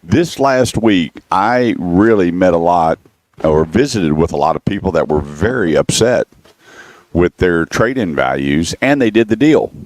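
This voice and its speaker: Deep-voiced male radio host. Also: expressive, a little slow, dry recording. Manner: anecdotal, acts out both sides of conversations. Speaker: radio show host, car-buying advisor. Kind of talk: casual radio talk, storytelling with quoted callers.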